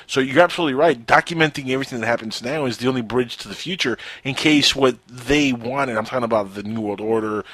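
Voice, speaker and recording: A man's voice: mid-range voice, fairly bright tone, no room sound. A man hosting a talk radio interview, talking at length in a speculative, chatty way. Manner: speculative, talkative. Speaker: radio host.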